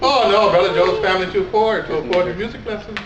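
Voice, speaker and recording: A man's voice: high voice, quick pace, over a noisy crowd. A man bantering playfully with a partner in a live youth group comedy skit. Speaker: skit performer. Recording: echoey dull hall recording.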